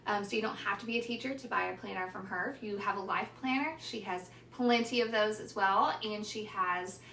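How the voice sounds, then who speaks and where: A woman teacher chatting casually and gushing excitedly while unboxing on her vlog. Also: medium pitch, brisk. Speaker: teacher and vlogger. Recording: echoey room with faint ambient noise.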